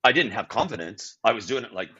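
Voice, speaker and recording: A husky man in his sixties tells stories in an interview, his pitch swinging up and down as he goes. He restarts and corrects himself often and swears bluntly now and then. The audio sounds dull and lo-fi. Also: fast talker. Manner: animated, frequent restarts and self-corrections. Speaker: guest improviser and teacher. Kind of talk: storytelling interview talk.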